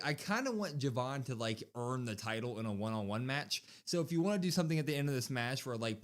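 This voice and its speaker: A man co-hosting a wrestling podcast, giving opinionated, animated takes in casual chat. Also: medium pitch. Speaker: podcast co-host.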